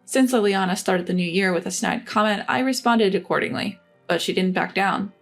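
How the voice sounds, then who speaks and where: A woman telling a first-person story in a measured, matter-of-fact way. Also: medium pitch, vocal fry. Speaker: narrator. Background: faint music.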